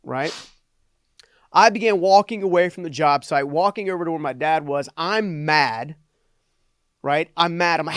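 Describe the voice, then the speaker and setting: A middle-aged man speaks as a podcast guest and tells his own life story with animated energy. He keeps tagging his sentences with "right?". His fairly high voice is recorded dry, with no room echo. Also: moderate pace, pauses often, smooth. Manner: animated storyteller who repeats "right?" for emphasis. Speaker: guest, entrepreneur and motivational speaker. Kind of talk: personal storytelling in a podcast interview.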